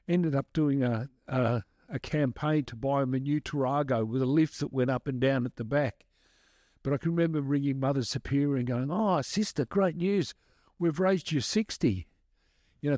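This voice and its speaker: A man's voice: medium pitch, a little fast, dark tone, no room sound, studio quality. A man, a guest musician, answering questions in a chatty, rambling way full of restarts. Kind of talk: casual storytelling answers.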